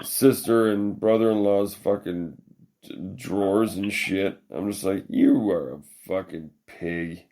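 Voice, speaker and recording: A man with a fairly low voice, hosting a podcast. He tells a long, crude story in loose casual chat, swearing freely, backtracking and laughing along the way. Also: warm tone. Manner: profane, rambling, laughs often. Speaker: podcast host.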